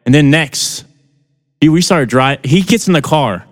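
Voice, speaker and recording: A man's voice: on the high side, expressive, measured pace, big-room sound. A young man co-hosting a podcast in casual chat, playful and laughing as he chimes in on stories. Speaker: podcast co-host.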